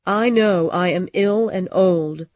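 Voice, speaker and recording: A cold, spiteful old aunt on her deathbed, as a woman narrator puts her on, her voice husky and weak, the words coming slowly and hard. The dull, dry lo-fi sound keeps it close. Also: on the low side, no room sound. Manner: hard, accusing, weakening.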